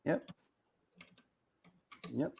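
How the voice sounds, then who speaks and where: A man from New York hosting a live show, chatting casually, joking and giving shout-outs to viewers. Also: extremely slow, lo-fi sound. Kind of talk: casual live-stream chat reading viewer comments.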